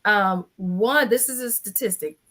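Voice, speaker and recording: A woman in her forties telling her own story as a guest in a casual panel chat. She is animated and acts out other people's lines. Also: mid-range voice, a little slow.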